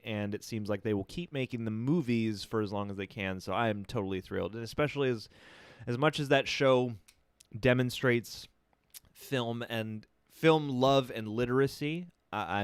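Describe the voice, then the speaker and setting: A man's voice: on the low side, clean tone, no room sound. A man in his forties co-hosting a casual live stream, chatty and joking as he reads viewer messages aloud. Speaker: co-host reading chat messages.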